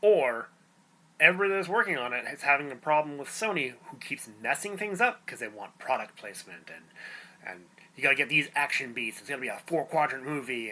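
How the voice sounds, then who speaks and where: A man's voice: mid-range voice, a little fast, a little hiss or hum, low-quality recording. A man co-hosting a podcast, skeptically arguing his points in casual chat. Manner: skeptical, argues his point with animated swings. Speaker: podcast co-host.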